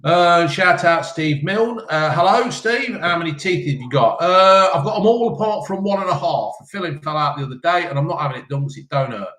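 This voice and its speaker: A man in his fifties hosts a casual live chat, answering viewers' questions with blunt, sweary banter. His voice sits a bit high for a man. The sound is echoey, as if he is in a bare room. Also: lively intonation, a little fast, hardly any pauses, pushed and bright. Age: 50s. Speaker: live-stream host reading chat questions.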